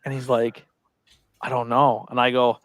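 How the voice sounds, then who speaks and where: A man's voice: mid-range voice, normal speed, no echo. Dry-voiced man telling a story. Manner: animated storyteller who acts out quoted voices. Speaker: podcast co-host. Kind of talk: casual storytelling chat.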